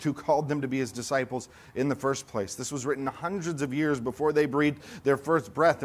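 A man preaching a sermon as pastor, explaining scripture earnestly and lifting his voice when he quotes it. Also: on the high side.

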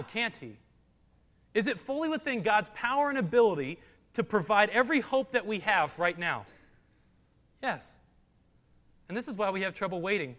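Man, pastor, sermon, high voice, emphatic scripture reading, long hall echo. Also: lively intonation, normal speed, pauses often, a bit bright. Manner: preaching with rising emphasis, reads scripture aloud.

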